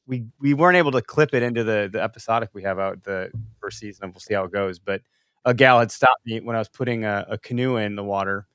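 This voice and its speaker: A man hosting a podcast, chatting and telling stories in an animated, casual way. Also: fairly low pitch, fast talker, clean tone, no room sound, clean studio sound. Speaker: podcast host.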